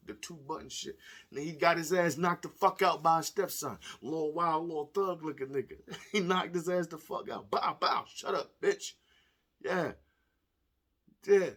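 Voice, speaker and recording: A man giving blunt, profane, animated commentary to the camera, telling stories and speaking plainly as a stepfather. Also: on the high side, slightly rough. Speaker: vlogger. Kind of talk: casual commentary video.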